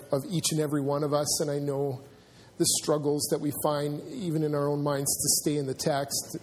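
A man preaching to his congregation in a slightly high voice, earnest and a little halting, often stopping to restart a thought. A faint hum of the room sits under his words. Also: darkish tone. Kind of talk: sermon. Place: church sanctuary.

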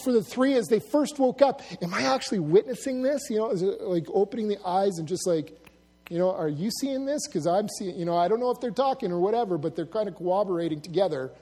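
A man's voice: high voice, brisk, mellow. A man giving a casual Bible teaching, musing aloud with asides and acted-out quotes.

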